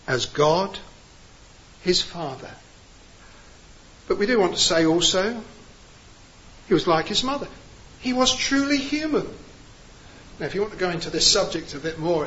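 A man preaching a sermon, rising to emphatic peaks and then dropping low and slow. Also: pushed and bright, muffled recording, a little hiss or hum.

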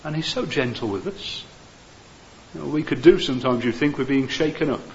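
A man preaching a sermon, earnest and gentle, with many "uh" fillers. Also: mid-range voice, fairly quick, lo-fi sound, slight background noise.

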